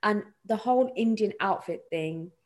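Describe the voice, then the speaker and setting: A young woman co-hosting a casual podcast, animated and laughing, mimicking relatives' voices as she talks. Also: mid-range voice, moderate pace. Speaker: podcast co-host. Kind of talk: casual film discussion podcast.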